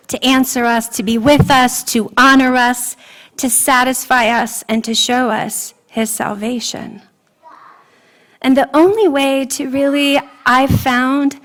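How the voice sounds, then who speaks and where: A woman preaching a sermon in a church, sharing personal testimony in an earnest, emotional way. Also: on the high side. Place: church sanctuary.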